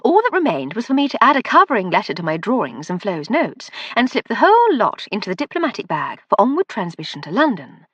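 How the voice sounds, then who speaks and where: Woman doing a cool-headed titled lady, crisp, aristocratic, a touch husky. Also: medium pitch, wildly swooping pitch, fast talker, hardly any pauses, dry recording, lo-fi sound. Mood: grim. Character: composed upper-class English lady, sharp-witted.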